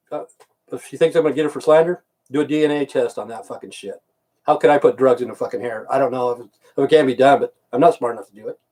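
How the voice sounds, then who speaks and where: A middle-aged American vlogger rants angrily into the camera in a mid-range, darkish voice. His monologue is heated, profane and repetitive.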